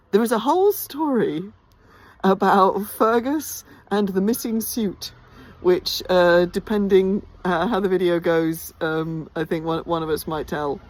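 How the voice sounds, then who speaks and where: A tired woman chatting enthusiastically in a casual behind-the-scenes vlog, full of ums and restarts. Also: on the low side. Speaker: theatre company director. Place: outdoors by a house.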